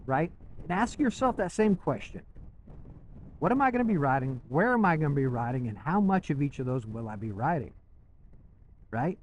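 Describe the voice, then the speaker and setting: A man with a fairly high-pitched voice, talking casually to camera. He is chatty and keen, and often checks in with "right?". He sounds like a motorcycle vlogger sharing his own views. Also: sing-song, moderate pace, long pauses, a little hiss or hum, poor audio.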